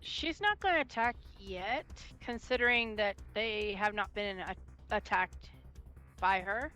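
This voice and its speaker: A woman's voice: medium pitch, measured pace, bright, forceful tone, soft background music. A woman playing in a tabletop game, explaining what her character does on her turn. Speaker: player. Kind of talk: casual tabletop gaming chat.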